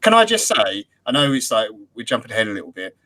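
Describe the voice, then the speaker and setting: A man on a fan podcast giving blunt, animated football opinions with casual swearing. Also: fairly low pitch, fast talker. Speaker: podcast co-host.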